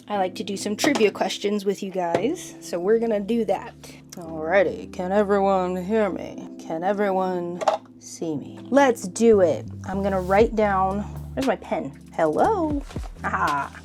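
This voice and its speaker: A young woman hosting a casual commentary show, with a bubbly, chatty, giggly way of talking. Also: mid-range voice. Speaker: commentary host.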